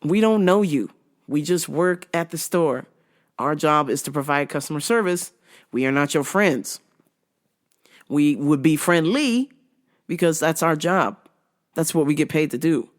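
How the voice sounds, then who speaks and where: A woman's voice: low voice, expressive, unhurried, pauses often. A woman telling blunt, profane work stories on her show, laughing often. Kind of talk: casual storytelling rant.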